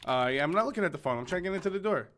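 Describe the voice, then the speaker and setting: Bright-voiced young man playing a game. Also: high voice, lively intonation, very fast. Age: young adult. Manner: joking, rambling, swearing, frequent laughs and stammered restarts. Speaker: gaming video host. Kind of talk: let's play commentary, reading game text aloud.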